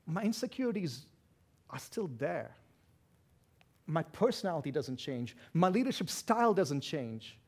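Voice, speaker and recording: A man preaching with a noticeable non-native accent and a fairly high voice. He is loud and driven, swinging between forceful shouts and hushed, intimate asides. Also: sing-song, a little slow, slightly rough. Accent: non-native English accent. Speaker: pastor. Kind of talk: sermon.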